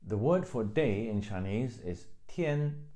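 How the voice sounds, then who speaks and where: Man, language teacher, slow patient explaining, low mellow voice, casual lesson. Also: expressive. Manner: slow, patient explaining, repeats words with careful tones.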